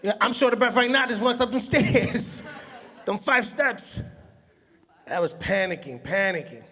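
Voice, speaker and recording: A stand-up comedian, telling animated stories and laughing at his own jokes. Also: sits high, unhurried, breathy edge. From Brooklyn, New York. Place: comedy stage in a hall. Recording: long hall reverb from a live venue.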